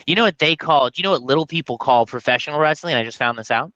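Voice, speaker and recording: A man chatting casually as a comedian guest, rambling and jokey with animated bits. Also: mid-range voice, fast talker, hardly any pauses, no echo, lo-fi sound. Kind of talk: casual podcast chat.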